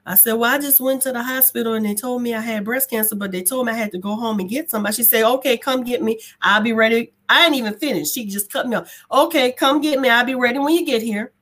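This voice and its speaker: A woman guest telling a personal story in a casual chat, colloquial and animated, acting out the dialogue and laughing as she goes. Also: fairly high pitch, fast talker, hardly any pauses. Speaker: guest sharing a testimony.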